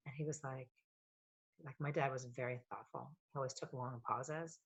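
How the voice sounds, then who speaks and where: Low-voiced, animated woman telling stories. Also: normal speed, breathy edge. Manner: animated and emotional, swears freely, rambling. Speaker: podcast guest, coach. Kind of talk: casual storytelling conversation.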